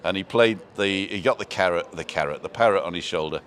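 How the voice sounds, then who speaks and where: A man's voice: deep voice, quick pace, fairly bright tone. A middle-aged man, hosting a live show in a rambling, jokey, self-interrupting chat. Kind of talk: casual chat.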